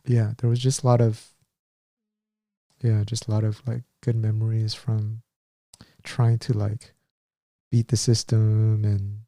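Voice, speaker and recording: Rambling man with a dark voice. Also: on the low side, completely flat delivery, a little slow, pauses often, no echo, clean studio sound. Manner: rambling, many fillers and restarts. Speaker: podcast co-host telling his story. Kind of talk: casual chat.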